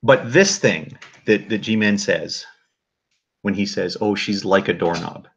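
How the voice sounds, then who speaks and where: A man giving casual spoken commentary to his audience in a halting, dry and joking way, with many restarts and fillers. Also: on the low side, fairly bright tone, muffled recording. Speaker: video commentator.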